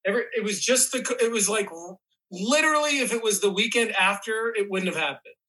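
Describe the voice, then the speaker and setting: Bright, high-voiced rambling male guest. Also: brisk, poor audio. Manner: rambling, restarts often, says "like" a lot. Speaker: guest actor. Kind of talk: casual chat.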